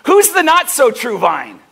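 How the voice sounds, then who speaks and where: Pastor guy preaching at a church service, bright voice, jumps all over the place, jokes around. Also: slow pace, gravelly, slightly rough. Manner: animated, swings up and down in pitch and loudness; jokey, acts out doorstep conversations in little voices. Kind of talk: sermon.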